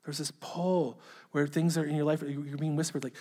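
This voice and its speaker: A man preaching a sermon in an earnest manner, often restarting phrases to press a point and sinking to a hushed tone at the ends of thoughts. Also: on the high side, little pitch movement, normal speed, slightly rough. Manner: earnest, repeats words and restarts when stressing a point. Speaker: pastor. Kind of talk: sermon reading a letter aloud.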